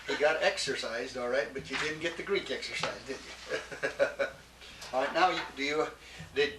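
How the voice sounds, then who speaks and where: A man teaching a Greek class, patient, repeating his questions and laughing gently. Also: fairly high pitch. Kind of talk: classroom lecture. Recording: echoey classroom from far off, faint hiss.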